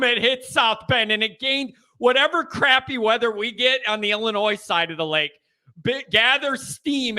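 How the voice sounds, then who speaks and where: A man's voice: sits high, bright, forceful tone. A man with a Midwest American accent hosting a sports call-in show, chatting casually and getting fired up, repeating himself. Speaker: host of a fan call-in show. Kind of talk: casual chat.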